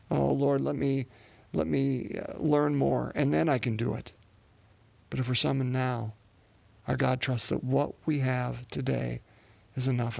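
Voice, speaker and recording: A man's voice: medium pitch, gravelly, darkish tone, no room sound. A man preaching a sermon off the cuff, with plenty of fillers and restarts. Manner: unscripted, many fillers and restarts.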